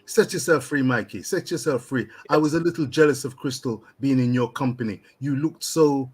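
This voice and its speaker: Man, husky voice, playful and wordy, live-stream co-host. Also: medium pitch, normal speed. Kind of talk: casual live-stream chat.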